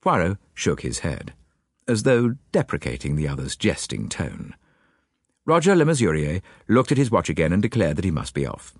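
A man reading a story aloud as a first-person narrator, measured and expressive. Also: sits low, no room sound, studio quality. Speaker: audiobook narrator.

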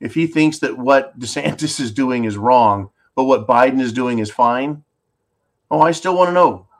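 A man from California hosts a political call-in show, reading out viewer questions while ranting bluntly and sarcastically. His voice is mid-range and his pace moderate.

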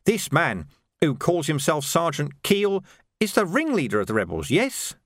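A man voicing a cruel, sly sergeant who speaks with mocking, slow menace. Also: fairly high pitch, wildly swooping pitch, no room sound, studio quality, pitched above the performer's own voice, full character voice. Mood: menacing.

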